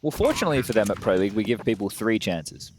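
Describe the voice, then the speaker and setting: A man doing esports color commentary with playful, teasing banter, his pitch bouncing widely. Loud game gunfire and clicks sit under his voice. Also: big pitch swings, fast talker, slight background noise. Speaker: esports caster.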